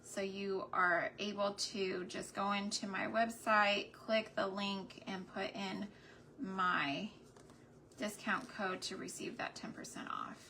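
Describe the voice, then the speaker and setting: A woman from New Mexico with a light Texan accent chats as she paints on her homesteading channel, her medium-pitched voice pushed and bright with fairly even intonation. She's chatty and folksy, speaking slowly and drawing out her words, with slight background noise.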